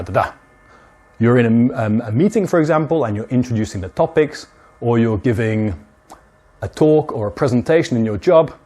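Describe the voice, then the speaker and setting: A man teaching an English lesson, explaining slowly and acting out short spoken examples with lively stress on key words. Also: medium pitch, husky.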